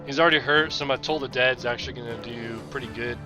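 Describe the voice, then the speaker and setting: A man's voice: mid-range voice, steady tone, quick pace, sharp tone, faint music behind. A man playing a tabletop game, casually and methodically talking through tactics. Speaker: player.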